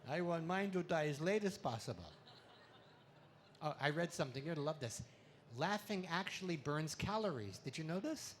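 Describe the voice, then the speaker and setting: A man doing stand-up comedy on an expo stage, delivering puns in a playful way with sudden loud swells. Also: a little high, animated, moderate pace, a little hiss or hum. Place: expo stage before a live audience.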